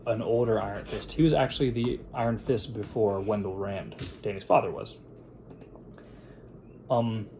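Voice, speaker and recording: Young guy recapping a movie at his desk, rambly, lots of ums, mellow kinda dark voice, bit of hiss. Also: mid-range voice. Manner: rambling, with frequent fillers and restarts into quoted voices. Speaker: film reviewer. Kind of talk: casual plot recap and review. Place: at his editing table.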